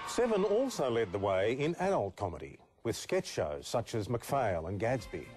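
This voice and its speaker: A man's voice: mid-range voice, very animated, moderate pace, over loud music. Man narrating a TV documentary. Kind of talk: scripted narration.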